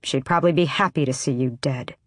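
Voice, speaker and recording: A woman voicing a dangerous young female assassin who speaks in a slow, menacing drawl. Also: rumbling low, no room sound, clean studio sound.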